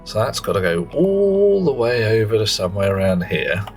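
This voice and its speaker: A middle-aged man with a lowish voice rambles through casual live game commentary. He drifts between tangents and mutters to himself as he works, over faint music in the background. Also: big pitch swings, moderate pace. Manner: rambling, chatty, muttering to himself while playing. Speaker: streamer.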